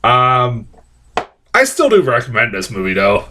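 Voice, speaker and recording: A man's voice: mid-range voice, a little slow, a little hiss or hum. A young man giving a casual, rambling movie review that is full of swearing. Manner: animated, profane, rambling.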